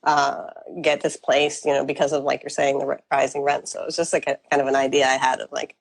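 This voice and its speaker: Low-voiced woman interviewer, hesitant and giggly. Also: little pitch movement, fast talker, creaky, rough recording. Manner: hesitant, apologetic, laughs often. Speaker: interviewer host. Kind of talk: conversational interview.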